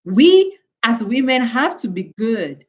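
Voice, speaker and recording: A woman's voice: a little high, very animated, slow pace. Emphatic woman from Cameroon lecturing viewers. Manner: emphatic, lecturing, repeats words for stress. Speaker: channel host. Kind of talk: live-stream chat to viewers.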